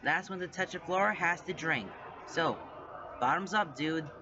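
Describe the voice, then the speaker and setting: A man's voice: on the high side, unhurried, noisy background, pitched above the performer's own voice, close to an everyday voice. A man reading a story aloud and voicing a playful, teasing young man at a party, in a dull lo-fi recording.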